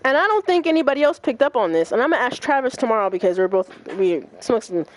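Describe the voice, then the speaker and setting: A young adult woman hosting a gaming livestream, telling a story in casual chat, profane and animated, acting out what others said. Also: fairly high pitch, quick pace. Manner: animated, profane, acts out quoted voices.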